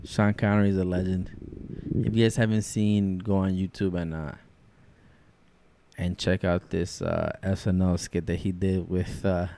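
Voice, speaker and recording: A man co-hosting a podcast in casual banter, excitable and swearing freely. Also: low-pitched, normal speed, a little hiss or hum. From Mexican family, from Durango. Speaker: podcast co-host.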